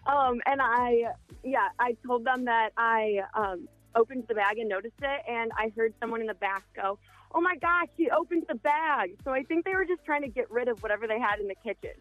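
A woman's voice: fairly high pitch, a little fast, no echo, highs cut off, soft background music. Matter-of-fact woman caller. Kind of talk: telling a story on a radio call-in.

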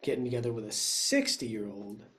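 A man's voice: medium pitch, normal speed. Easygoing man in casual chat. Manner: relaxed, swears freely, warm and open.

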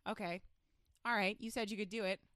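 A young woman co-hosting a casual podcast chat, animated and blunt, swearing freely. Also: fairly quick, dry recording, studio quality. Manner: animated, swearing, laughing, jumps between high and low tones. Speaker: podcast co-host.

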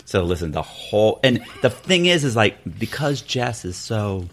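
A man casually telling a rambling personal story on a podcast, acting out the other people's lines in high-pitched voices. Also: moderate pace, a little hiss or hum. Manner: animated, acts out quoted dialogue with high-pitched voices; loose and rambling with restarts.

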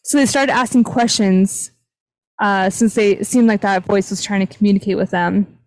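The audio is poor, and the young woman's mid-range voice keeps a moderate pace with fairly even intonation. Hosting a casual podcast, she chats her way through a paranormal investigation story, leaning heavily on fillers such as "like".

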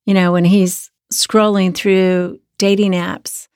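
A hoarse woman co-hosting a podcast as a sex therapist, talking in an earnest, reflective way. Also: lowish voice, flat delivery, takes it slowly, a little mellow, no room sound, clean studio sound. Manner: earnest, reflective, many restarts. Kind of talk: casual podcast chat.

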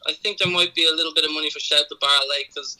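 A man's voice: on the high side, steady tone, quick pace, pushed and bright, rough recording. A man with an Irish accent, calling into a radio show to run through his racing tips in a hesitant, methodical way. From Ireland. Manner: hesitant, with many ums, talks through form methodically. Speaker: caller giving racing tips.

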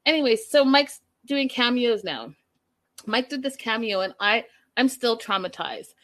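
A young woman chatting casually to her viewers in an animated, gossipy way as she reviews a reality show. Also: fairly high pitch, measured pace. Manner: animated, gossipy, says y'all.

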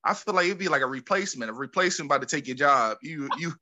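A man's voice: on the high side, expressive, rapid-fire, sharp tone. A man in his thirties in casual chat, telling stories in a laid-back way and leaning on conversational fillers. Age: 30s. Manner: laid-back storyteller, keeps saying "you know what I mean".

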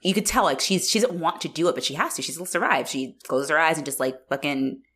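Woman, low voice, podcast co-host, playful and jokey, casual film chat. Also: quick pace, a bit bright, slightly rough. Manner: playful, jokey, uses lots of likes.

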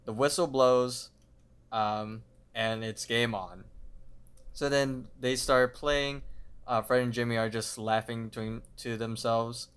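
A man's voice: medium pitch, fairly even intonation, slow pace, a bit bright, clear, resonant tone. A man co-hosting a podcast, recapping a cartoon episode in a laid-back way. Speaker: podcast co-host.

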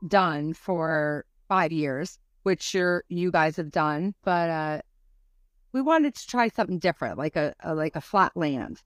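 A woman's voice: deep voice, expressive, measured pace, no echo, studio quality. A woman guest on a podcast, telling a story in a rambling, casual way full of fillers.

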